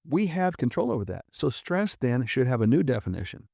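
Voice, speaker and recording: A man's voice: medium pitch, big pitch swings, brisk, gravelly, darkish tone, no echo, studio quality. A middle-aged man, a doctor and podcast guest, explaining in an emphatic, earnest and persuasive way. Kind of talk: conversational explaining.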